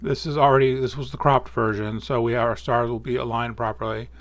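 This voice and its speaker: Man calmly talking through software steps. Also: medium pitch, brisk, no room sound. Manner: relaxed, thinking aloud with small slips and self-corrections. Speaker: astrophotography tutorial host. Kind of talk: casual screen-recorded software walkthrough.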